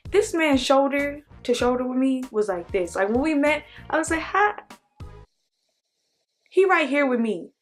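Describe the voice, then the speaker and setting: A young woman from Oklahoma telling a storytime vlog, animated and acting out the voices. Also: high-pitched, moderate pace, few pauses, faint music behind. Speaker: vlogger.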